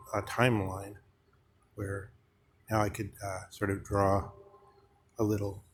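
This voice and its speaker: Low-voiced guy musing on philosophy, hesitant, pausing a lot, faint background noise. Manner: halting, many fillers and pauses. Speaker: speaker on philosophy. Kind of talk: slow philosophical monologue.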